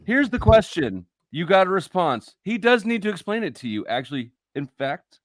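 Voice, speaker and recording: A male stream host with a lively, swooping voice teases his guests and eggs them on, swearing freely. The sound is close and dry. He runs the live panel chat. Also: high voice, a little fast, dry recording. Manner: teasing, profane, egging others on.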